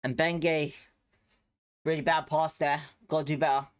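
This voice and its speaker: A man with a slightly high, clear, resonant voice hosts a live football watchalong at a measured pace. He delivers excitable play-by-play and reacts loudly to chances, greeting chat viewers casually and warmly between plays.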